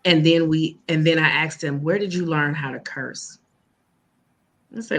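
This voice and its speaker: A woman's voice: low-pitched, unhurried, fairly bright tone. A woman educator who talks in a casual way, telling stories and quoting her students and herself. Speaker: educator and guest. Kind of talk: casual podcast talk.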